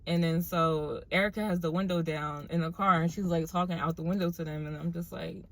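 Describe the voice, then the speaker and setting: A young woman casually telling a story to her viewers in an animated, chatty way, full of fillers. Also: on the low side, fairly quick, hardly any pauses.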